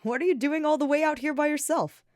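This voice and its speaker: A woman's voice: sits high, fairly even intonation, fast, a little mellow, dry recording, clean studio sound, pitched above the performer's own voice, natural voice. A woman reading the lines of a playful, confident young male knight with a smirking delivery. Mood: teasing.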